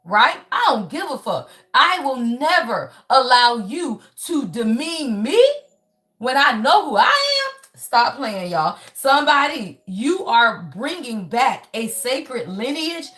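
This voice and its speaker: Brief: high-voiced woman, blunt, profane tarot reader on a livestream, preachy and repetitive. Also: very animated, takes it slowly, pushed and bright. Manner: blunt, profane, preachy, repeats "y'all" and "right?". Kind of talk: live spiritual reading, casual chat.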